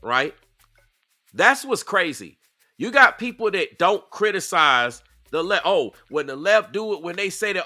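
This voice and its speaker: A man with a high, bright voice runs a casual reaction stream. He repeats his points and keeps asking his audience questions, with quiet music playing underneath. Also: unhurried. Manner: animated, repetitive, asks the audience. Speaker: commentator reacting to clips.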